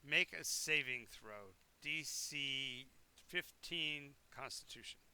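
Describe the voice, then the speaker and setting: Bright-voiced man running a tabletop game. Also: mid-range voice, slow, clean tone. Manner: rambling, self-correcting descriptions. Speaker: game master. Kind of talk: narrating a tabletop game live.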